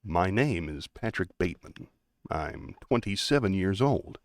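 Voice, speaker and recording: Man putting on a detached yuppie killer, flat measured delivery, low-ish voice, dry sound. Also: no echo. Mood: cold, detached. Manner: flat, measured, trying too hard to sound normal. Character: male yuppie killer, flat, too-controlled.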